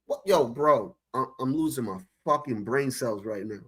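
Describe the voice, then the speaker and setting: A man's voice: medium pitch, moderate pace, fairly bright tone, breathy edge. A man giving casual reaction commentary on a clip, talking to his chat in a profane, incredulous, exasperated rant.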